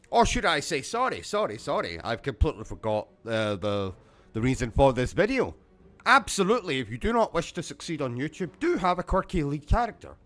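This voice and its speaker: A man's voice: fairly high pitch, fairly bright tone. A British man hosting a gaming livestream, delivering a rambling, sarcastic mock-serious monologue. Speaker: gaming YouTuber host.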